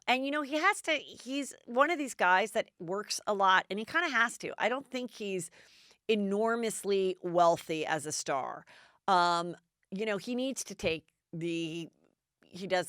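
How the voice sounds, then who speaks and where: A chatty middle-aged woman gossiping on her podcast, her voice smooth and clear. She talks close to the mic in a dead, dry room and keeps acting out what other people said. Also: mid-range voice, no room sound. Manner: chatty, animated, acts out quotes in other voices. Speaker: podcast host. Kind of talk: casual gossip commentary.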